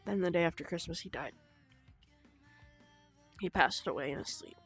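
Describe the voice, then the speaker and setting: A young woman telling her own story in an unscripted vlog, halting and emotional, with frequent swearing. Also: lowish voice, breathy edge, faint music behind. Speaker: vlogger.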